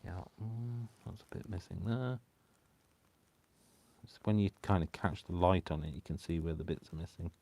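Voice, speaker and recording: A man's voice: sits low, moderate pace, gravelly, warm tone. A man hosting a live crafting stream, rambling and talking to himself with a lot of apologies as he works. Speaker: craft channel host. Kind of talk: casual live crafting chat.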